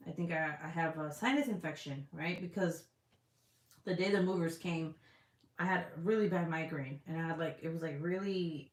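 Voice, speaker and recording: Lowish-voiced woman chatting in an echoey room. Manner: profane, rambling, frequent fillers and laughter. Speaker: vlogger reading live chat. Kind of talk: casual live-stream chat. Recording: roomy echo.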